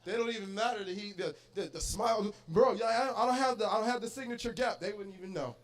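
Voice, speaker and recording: High-voiced animated male stand-up comic. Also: quick pace. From Arizona. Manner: animated, loud bursts and acted-out voices. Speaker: stand-up comedian. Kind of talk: stand-up comedy set. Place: bar comedy stage.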